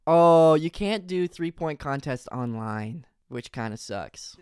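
Young male streamer, breathless and hyped, smooth voice with a slightly high pitch, dry close sound. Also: slow pace, dry recording. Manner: excitable, rambling, loud bursts of enthusiasm. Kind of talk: excited live reaction stream.

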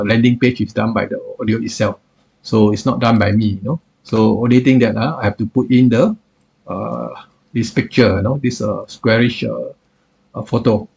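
Male software reviewer, gravelly and husky, stop-start delivery full of fillers. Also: mid-range voice. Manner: halting, filler-heavy, repeats "what I call". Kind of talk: screen-recorded software demo.

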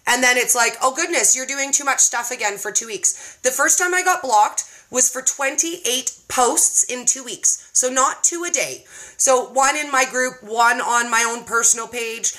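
Bubbly high-voiced woman hosting a live chat. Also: bright, forceful tone. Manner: bubbly, laughs often. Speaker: host. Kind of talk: casual live-stream chat.

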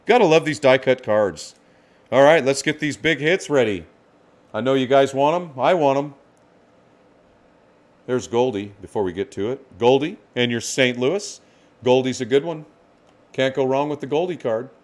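A man hosting a live card-break stream, excitedly calling out each card and greeting viewers by name. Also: mid-range voice, normal speed, long pauses.

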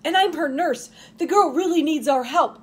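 A woman reading the part of a desperate female nurse, pleading and hushed. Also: sits high, moderate pace, voice pushed up, close to an everyday voice.

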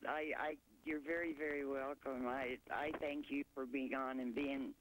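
A caller on a TV shopping show, speaking warmly and effusively with small stumbles and repeats over a phone line. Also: medium pitch, steady tone, a little hiss or hum. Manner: warm, effusive, slightly halting.

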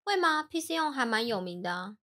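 A woman's voice: fairly high pitch, big pitch swings, brisk, pushed and bright. Woman answering briefly in chat. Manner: short replies and backchannels, mostly Mandarin with English words. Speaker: podcast co-host. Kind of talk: casual bilingual chat.

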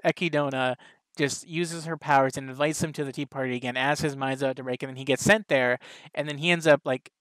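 A man's voice: medium pitch, fairly even intonation, quick pace, a bit bright, no echo. Rambling young-sounding man, dry close mic. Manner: rambling, full of "like" and restarts. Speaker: anime reviewer. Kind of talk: casual reaction commentary.

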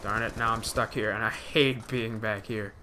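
A man's voice: on the low side, steady tone, normal speed, background noise. A young man giving live gameplay commentary, rambling with many fillers and restarts, swearing when startled. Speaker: gaming commentator.

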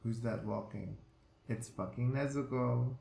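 A man giving live reaction commentary on an anime, excitable and swearing freely as he exclaims at the screen. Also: medium pitch, measured pace, gravelly. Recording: echoey room with faint music.

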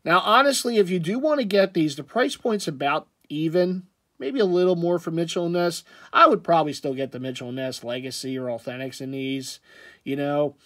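A man with a slightly high voice talks his way through sports jerseys in a loose, rambling vlog. He drifts between comments and throws in jokey asides. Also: brisk, fairly bright tone. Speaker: sports jersey collector vlogger. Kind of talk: casual commentary.

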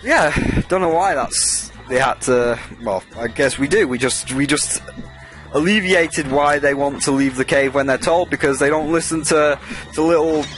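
A man commentating casually over a video game in a rambling, jokey way, cursing freely at the game. His voice sits at an average pitch, and faint game music plays underneath. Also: normal speed. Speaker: let's play host.

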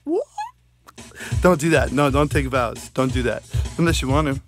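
A man rambling through goofy shout-outs in a comedic vlog, recorded on a phone. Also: mid-range voice, normal speed, soft background music. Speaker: vlogger.

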